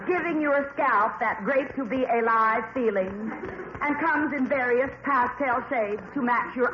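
An actress playing a weepy young wife in a radio comedy sketch about an advertising comic strip, with a sobbing, melodramatic manner in 1940s radio acting style. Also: female voice, on the high side. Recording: old lo-fi radio recording, echoey, hissy.

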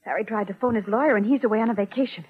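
An actress playing an anxious young wife calling for help in a 1940s radio soap, in a tinny old broadcast. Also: female voice, mid-range voice, racing, breathy edge, lightly acted. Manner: pleading, worried.

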